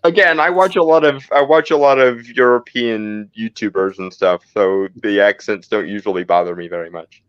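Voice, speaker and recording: A man in a friendly chat who keeps groaning at the others in a dry, exasperated tone. His voice is mid-pitched. It comes through dull and lo-fi, close and dry. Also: moderate pace, few pauses, smooth, no room sound. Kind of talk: casual group chat.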